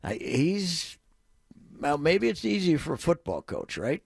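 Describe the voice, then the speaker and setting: A man's voice: a little high, big pitch swings, measured pace, vocal fry, breathy edge, no room sound, studio quality. A man co-hosting a sports talk radio show, rambling through stories with many restarts. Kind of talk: casual sports radio chat. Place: remote location, off studio.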